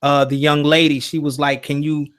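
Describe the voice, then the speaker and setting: A laid-back male host chatting casually, with a voice sitting a touch above the usual male pitch. He keeps it relaxed and conversational and tosses in "man" often. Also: normal speed. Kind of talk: casual talk-show chat.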